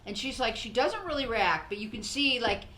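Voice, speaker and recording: An older woman hosts a casual podcast, her voice sitting a little high as she tells stories and slips into other people's voices. A faint hum of room noise sits behind her. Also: normal speed. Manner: animated storyteller, acts out quotes, laughs often. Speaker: podcast host. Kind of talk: casual chat.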